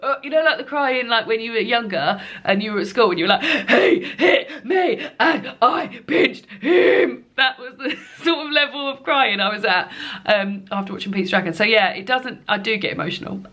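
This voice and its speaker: A woman's voice: on the high side, fast, sharp tone. A woman chatting casually to camera from her lounge, rambling with lots of fillers and frequent laughs. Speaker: book vlogger.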